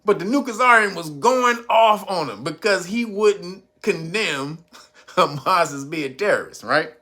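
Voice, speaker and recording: High, bright-voiced man riffing casually. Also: a little slow. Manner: animated, chuckling, slangy storytelling. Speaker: channel host. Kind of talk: casual commentary.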